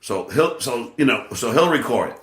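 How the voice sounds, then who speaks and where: A man's voice: mid-range voice, moderate pace, echoey room. A man, a comedian hosting a podcast, telling a story in casual chat with lots of stammered restarts. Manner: animated, stammering, restarts a lot.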